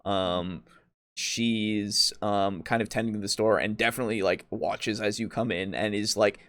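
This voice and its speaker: A man narrating as game master of a tabletop game, pausing often with fillers and restarts. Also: fairly low pitch, steady tone, fairly bright tone, no echo. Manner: hesitant, many fillers and restarts.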